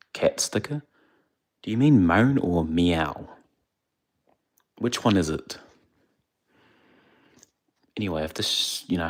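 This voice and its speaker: A young man keeps his very low voice hushed and gravelly. He is chatting casually on a livestream into a phone. He speaks quietly because others nearby are sleeping. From India. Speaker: streamer. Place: indoors away from home, others asleep.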